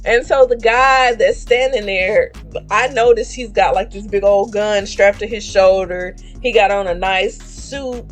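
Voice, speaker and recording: A woman streamer casually telling a dream story, animated and laughing as she acts out the people in it. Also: a little high.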